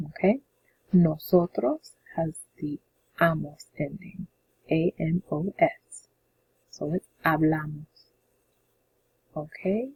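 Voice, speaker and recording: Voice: medium pitch, slow pace, vocal fry, long pauses, lo-fi sound, slight background noise. A Spanish teacher explaining a lesson step by step in a patient, repetitive way, often checking in with "okay?". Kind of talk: classroom-style lesson explanation.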